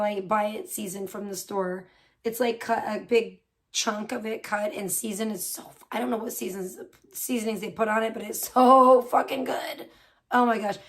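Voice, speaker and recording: High-voiced woman chatting on a livestream. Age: adult, older than most of her chat. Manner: swears freely, slips into high baby talk with her cat. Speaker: livestream host. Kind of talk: casual livestream chat.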